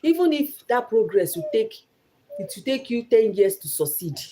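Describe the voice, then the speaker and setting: A woman's voice: a little high, wildly swooping pitch, moderate pace, warm tone. A young Nigerian woman giving an earnest motivational talk about her life, repeating phrases for emphasis. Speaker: vlogger.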